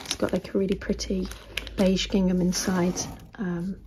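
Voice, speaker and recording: A British woman vlogging casually as she shows craft items to the camera. She chats easily and often drops into soft, half-whispered asides. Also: on the low side, little pitch movement, moderate pace, noisy background. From United Kingdom.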